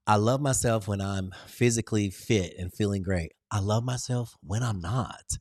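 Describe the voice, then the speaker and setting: Speaking in a somewhat mellow voice, a man runs a livestream and pushes motivation hard, repeating affirmations and calling out viewers by name. His pitch swings broadly, and the audio is dry and clean, like a studio.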